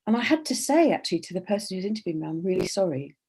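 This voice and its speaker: A woman's voice: lowish voice, sing-song, rapid-fire, creaky, dark tone, husky. Chatty woman on a video call. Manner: chatty, rambling, laughs often. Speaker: livestream host. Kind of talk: casual chat on a livestream. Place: home. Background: dog.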